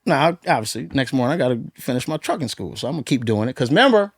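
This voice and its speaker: A man's voice: medium pitch, fast talker, husky, no room sound, studio quality. A man telling his story as a podcast guest in casual chat, acting out quoted dialogue with lots of energy. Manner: animated, acts out quoted dialogue.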